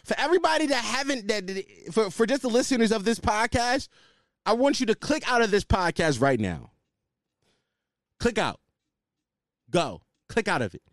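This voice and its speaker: A man's voice: high voice, very animated, normal speed, long pauses, no echo, studio quality. A man hosting his own podcast, ranting in a loose, slangy, casual way. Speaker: podcast host. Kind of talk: casual solo podcast rant.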